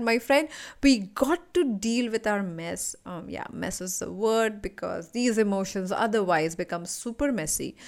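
Animated woman motivational coach. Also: fairly high pitch. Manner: animated, addresses listener as my friend. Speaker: leadership and anti-anxiety coach, podcast host. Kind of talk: motivational podcast storytelling.

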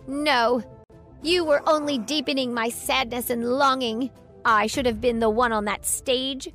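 A jealous, bitter mother who once lived for the stage, put on by a woman reading the story. The voice sits high and carries a resentful, accusing edge. Faint music plays underneath. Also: fairly even intonation, a little slow, fairly bright tone.

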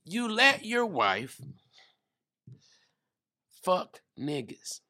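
A man with a sharp, ringing tone riffs through casual comedic chat, full of profanity. His voice sits a little high and swings a lot as he acts out quick bits. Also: huge pitch swings.

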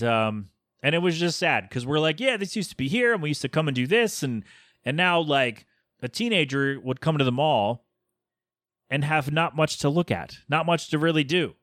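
Rambling American-style podcast dad, dry sound. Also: male voice, mid-range voice, fairly bright tone, no room sound. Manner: rambling, chatty, exasperated asides. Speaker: podcast host. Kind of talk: casual solo rambling.

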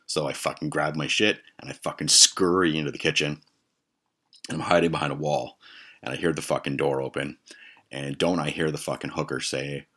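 Podcast host, very deep, raspy, swears constantly in a comic monologue. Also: male voice, steady tone, brisk, bright, forceful tone. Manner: heavily profane, heated retelling.

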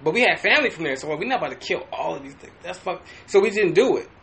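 A man on a podcast casually telling a story, animated and profane, with frequent restarts. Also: sits high, fast, gravelly. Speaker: podcast host.

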